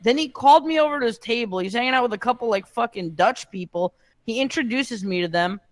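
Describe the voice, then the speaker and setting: A young man telling stories in casual chat, animated and full of swearing. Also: very high-pitched, quick pace, dry recording. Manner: animated storytelling, heavy swearing.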